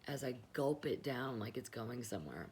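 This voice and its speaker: A woman's voice: rumbling low, expressive, moderate pace, a little mellow, slight background noise. A middle-aged woman talking candidly and rambling in a confessional vlog, swearing freely while stoned. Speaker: vlogger.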